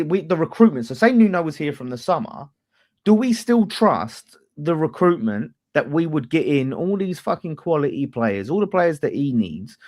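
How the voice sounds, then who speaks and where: Man, football fan host, swears a lot, lively swinging pitch, fairly high voice. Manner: animated, swears freely, talks over others. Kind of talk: casual football debate.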